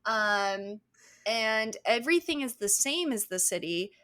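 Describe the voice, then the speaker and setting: This is a woman co-hosting a casual book podcast, talking in a somewhat high voice. She rambles through the recap in a loose, chatty way. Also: lively intonation, a little slow, bright, forceful tone, no room sound, clean studio sound. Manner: chatty, rambling, swears and laughs. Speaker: podcast co-host.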